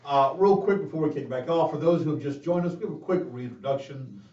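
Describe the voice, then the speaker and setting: A man's voice: fairly high pitch, fast talker, dark tone. A man with a Southern US accent, a dungeon master chatting in a rambling, chatty way and laughing often. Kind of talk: casual chat between game sessions. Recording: dull, echoey room audio from a distance.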